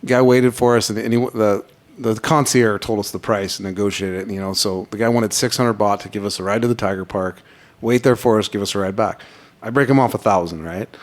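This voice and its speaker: Male podcast host, forties, low voice, rapid-fire profane chat. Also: steady tone. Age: 40s. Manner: blunt, profane ranting.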